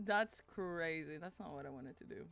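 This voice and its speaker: A woman's voice: fairly low pitch, expressive, measured pace, creaky, a bit bright. A woman streamer chatting casually with her friends and viewers, giggly, playful and teasing. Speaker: live streamer. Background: faint music playing.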